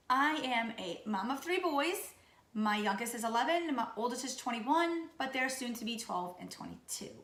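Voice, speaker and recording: A woman in her late thirties from Louisiana, with a Louisiana accent, who sounds raspy and sick, chatting casually and goofily to camera about herself. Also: a little high, a bit bright, reverberant. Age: 30s. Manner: goofy, chatty. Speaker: vlogger. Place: room at home.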